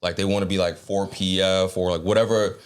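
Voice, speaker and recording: A man's voice: sits low, little pitch movement, a little fast, smooth. A man co-hosting a podcast in loose, slangy, joking chat. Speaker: podcast co-host. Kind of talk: casual chat.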